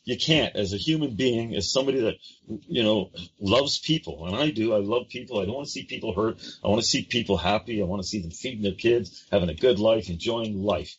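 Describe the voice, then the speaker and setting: A man's voice: lowish voice, brisk, husky. A man hosting a talk show, speaking earnestly and emphatically, often repeating words for effect. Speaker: show host. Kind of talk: impassioned talk-show chat. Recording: dull lo-fi audio.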